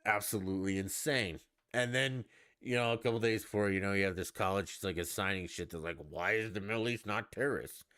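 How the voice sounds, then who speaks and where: A man's voice: fairly low pitch, a bit bright, clear, resonant tone, no room sound, studio quality. A man hosting a podcast, ranting casually with profanity and sarcastic mock voices. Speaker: podcast host.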